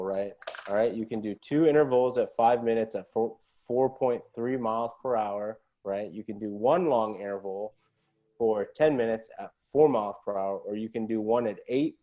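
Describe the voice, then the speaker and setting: A man's voice: fairly low pitch, warm tone, dull audio. A man, a podcast guest, telling a story in an earnest, motivational way and ending many phrases with a questioning "right?". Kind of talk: casual storytelling.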